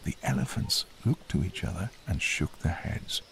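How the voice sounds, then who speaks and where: A man narrating a children's storybook in a gentle, expressive way. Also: sits low, normal speed, creaky.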